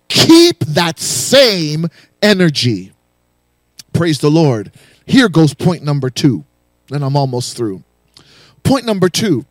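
High-voiced man preaching with rhythmic fervor. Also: very animated, measured pace, no room sound. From raised in a West Indian home. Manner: rhythmic preaching with call-and-response exhortations. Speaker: pastor. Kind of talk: sermon.

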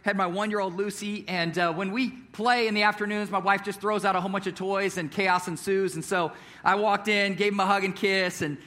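A young male pastor with a high, bright voice, preaching at a church service. He talks casually and conversationally, full of fillers and little chuckles as he tells a story. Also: fairly even intonation, brisk. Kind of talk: sermon with prayer and personal story.

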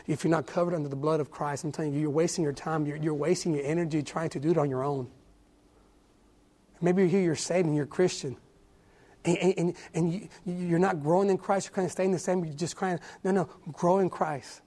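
Young male preacher, husky, earnest testimony with stammered restarts. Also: fairly high pitch, mellow. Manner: earnest, repeats words often, stammering restarts. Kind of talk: sermon testimony.

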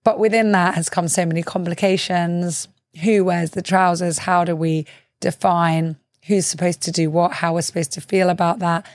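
A woman hosting an interview podcast, with a fairly low voice. She asks reflective questions, often pauses on fillers, and murmurs agreement while her guest talks. The recording is dry and close. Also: steady tone, a little mellow, no room sound. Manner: thoughtful, many fillers, backchannels often. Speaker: podcast host. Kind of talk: conversational interview.

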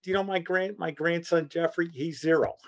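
A man's voice: a little high, fairly even intonation, a little fast, voice pushed up, close to an everyday voice. A man imitating his elderly grandmother in a raised, insistent voice while telling a story. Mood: proud. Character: doting elderly grandmother, proud and scatterbrained.

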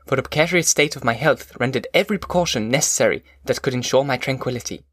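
A man narrating a classic novel as an audiobook in a measured, formal reading. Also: mid-range voice, animated, a bit bright, slightly rough, dry recording, clean studio sound.

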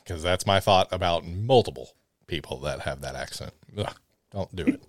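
A man from Tennessee with a Tennessee accent, co-hosting a podcast in a casual, teasing, animated way. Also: low-pitched, normal speed, dry recording, clean studio sound. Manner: animated, teasing, laughs often. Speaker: podcast co-host.

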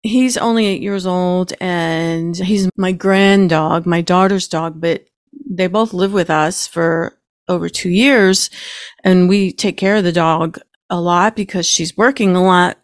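A middle-aged woman hosting a podcast, speaking gently and with feeling, holding back tears at times. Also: on the low side, fairly even intonation, a little slow, dry recording, studio quality. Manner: gentle and emotional, keeps herself from crying. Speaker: podcast host. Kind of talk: casual spiritual podcast talk.

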